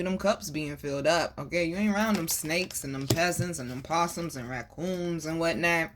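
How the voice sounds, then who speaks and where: Animated woman doing a preachy tarot reading. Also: on the low side. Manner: animated and preachy, calls listeners baby and boo, swears freely. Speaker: tarot reader. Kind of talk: casual tarot reading to viewers.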